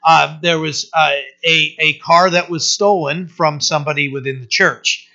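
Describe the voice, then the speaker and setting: A man gives an informal Bible teaching, talking it through plainly and often tossing in "right?". His voice sits a little high and sounds bright and forceful. The recording is dull and lo-fi. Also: fairly even intonation, moderate pace. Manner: conversational, often asking "right?". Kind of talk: casual verse-by-verse Bible teaching.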